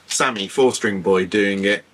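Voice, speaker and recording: A man's voice: lowish voice, unhurried, fairly bright tone. Reassuring male interviewer, noisy line. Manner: encouraging, reassuring. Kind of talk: interview chat.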